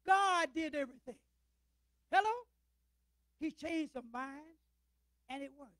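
High-voiced older preacher. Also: male voice, measured pace, dry recording, poor audio. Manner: emphatic preaching with rhetorical questions and call-outs to the congregation; swings between loud declarations and low, quiet asides. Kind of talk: sermon.

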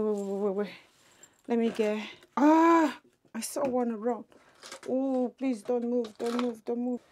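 A woman's voice: a little high, darkish tone, slight background noise. A woman, chatting casually and muttering to herself as she does her makeup in a get-ready-with-me beauty vlog at home. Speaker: beauty vlogger.

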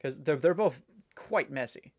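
Guy rambling about candy rankings, cusses a bit, regular middle pitch. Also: animated, measured pace. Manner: rambling, swears casually. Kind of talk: casual chat.

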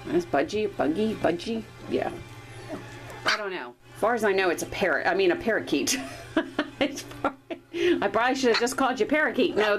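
A chatty woman narrates as she films a litter of puppies indoors with a handheld camera. Her voice sits at an ordinary middle pitch, relaxed and conversational, and she drifts into high, cooing baby talk when she speaks to the pups. Soft music plays faintly underneath. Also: rough recording. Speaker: dog breeder. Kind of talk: casual narration while filming puppies. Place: indoors at a puppy litter area. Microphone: handheld camera, filming one-handed.

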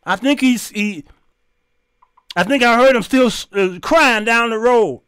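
A middle-aged man, hosting his show and telling a story in an animated, preachy way with sudden shouts. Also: very high-pitched, unhurried, smooth, no room sound, studio quality. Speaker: show host. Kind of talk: storytelling commentary.

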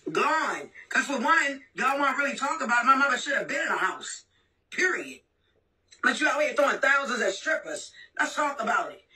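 A woman's voice: sits high, pushed and bright, recorded from a distance, rough recording. A woman in a heated, profane rant scolding her sister, repeating herself and swearing. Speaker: sister ranting online. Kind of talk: angry recorded rant.

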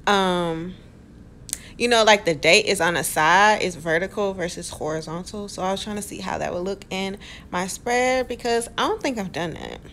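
A woman's voice: mid-range voice, normal speed, fairly bright tone, a little hiss or hum. A woman vlogger chatting in a casual voice-over, playful and rambling, talking straight to her viewers with self-amused asides. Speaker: planner vlogger.

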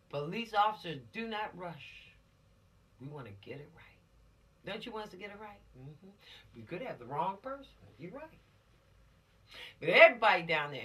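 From a distance comes a woman's lowish, somewhat bright voice: a police officer teaching teenagers about the law. She makes it dramatic with rhetorical questions and scenes she acts out.

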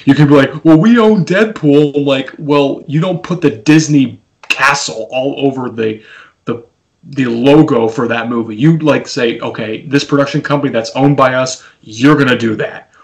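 A man's voice: medium pitch, normal speed, rough recording. Rambling man chatting on a call. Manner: rambling, laughs often, mock-quotes people. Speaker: podcast host. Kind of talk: casual chat over a call. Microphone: video call.

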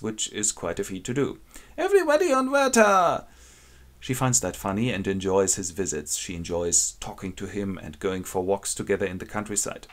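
A man wryly retelling a classic novel as a comic summary. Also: fairly low pitch. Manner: wry, ironic storytelling. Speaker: narrator.

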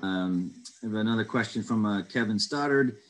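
A man chairs an online public meeting and reads residents' questions aloud. His voice sits low. He answers carefully and hesitantly, with plenty of ums and uhs, over a video call. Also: moderate pace, a bit bright, poor audio.

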